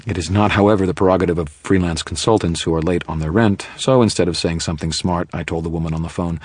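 A man reading a first-person audiobook narration in a wry, deadpan manner. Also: deep voice, fast, hardly any pauses, slightly rough.

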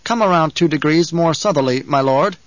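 A man's voice: a little high, a little fast, no room sound, highs cut off, lightly acted. A man voicing a guarded male planetologist in an audiobook, curt and wary. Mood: explaining. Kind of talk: audiobook character reading.

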